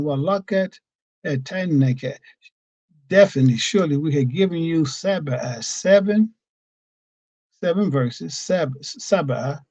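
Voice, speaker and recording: A man leading a weekly scripture study lesson as a religious teacher, explaining patiently and pausing often with fillers, recorded on a computer mic at his desk. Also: on the high side, dark tone, dry recording, highs cut off.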